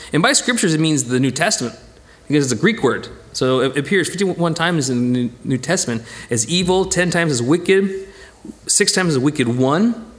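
A man teaching a Bible study from slides, retelling a parable and acting out its characters in quoted voices. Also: on the high side.

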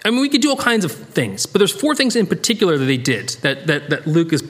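American guy teaching bible study, kinda high voice, rambly, lots of restarts and excited bursts. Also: quick pace. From United States. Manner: animated, rambling, self-interrupting, jumps in pitch for emphasis.

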